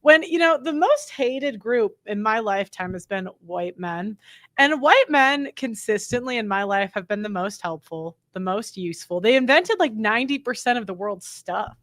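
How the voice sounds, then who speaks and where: A woman's voice: medium pitch, lively intonation, moderate pace, fairly bright tone, no room sound. A young woman hosting a casual reaction commentary, laughing often between remarks. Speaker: host reacting to clips.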